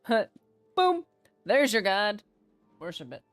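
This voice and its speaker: A woman with a mid-range, sing-song voice talks slowly over faint background music in a dry recording. She's a game streamer chatting casually as she plays, rambling, poking fun at herself, and trailing off before starting again.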